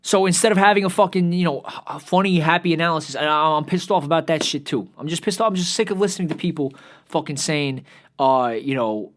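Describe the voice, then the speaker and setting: Young male host, slightly high voice, exasperated profane rant trailing into tired mumbles. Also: brisk. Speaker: podcast host. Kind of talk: ranting commentary.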